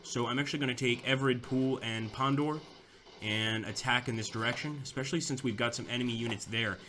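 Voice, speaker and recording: A young man with a bright, forceful voice talks through a tactics game as he plays, chatty and thinking aloud. His pitch sits in an ordinary middle range. Faint game sounds hum behind him. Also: fairly quick. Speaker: gameplay commentator. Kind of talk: casual gameplay commentary.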